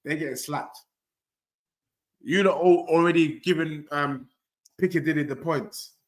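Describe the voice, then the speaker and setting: Hosting a live football watchalong, a young man reads his chat and talks back to it directly, full of cocky trash talk. He speaks a little slowly in a slightly high voice.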